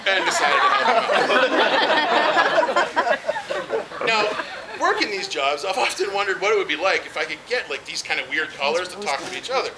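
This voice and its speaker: A man doing an amateur stand-up set at a barbecue, telling rambling stories with fillers. His pitch moves around a lot as he talks. The party noise outdoors stays loud behind him. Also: very animated, normal speed, a loud crowd. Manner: rambling, storytelling, with frequent fillers. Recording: noisy outdoor party recording.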